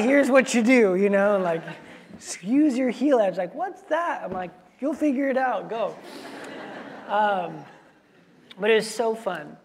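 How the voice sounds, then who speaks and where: A man in his thirties preaching a sermon in a relaxed, conversational way, with many fillers and playful quoted asides. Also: high voice. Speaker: pastor.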